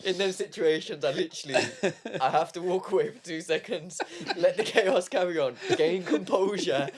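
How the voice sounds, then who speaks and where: A man's voice: high-pitched, normal speed. A man co-hosting a casual dads' podcast, rambling through anecdotes and laughing as he talks. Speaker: podcast co-host. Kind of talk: casual chat among dads.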